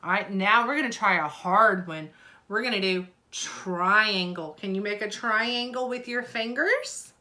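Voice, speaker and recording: A woman teaching a lesson to preschool children, talking in a slow, encouraging sing-song way. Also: medium pitch, sharp tone. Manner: sing-song, encouraging, speaks slowly and clearly to young children.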